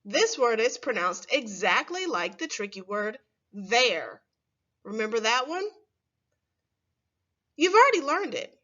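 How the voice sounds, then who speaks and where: Slow sing-song woman teacher. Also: on the high side, very animated, sharp tone, highs cut off. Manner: slow, clear and sing-song, stretching words for young children. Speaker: first grade teacher. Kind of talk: recorded phonics lesson.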